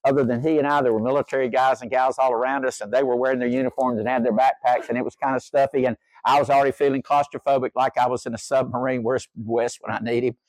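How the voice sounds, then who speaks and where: A man's voice: medium pitch, fairly even intonation, fast, few pauses, darkish tone, no room sound. An older man preaching a sermon, telling a humorous story in a folksy way. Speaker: pastor.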